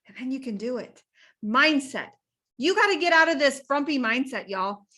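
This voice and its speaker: A woman health coach giving an energetic, folksy motivational talk. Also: high voice, normal speed.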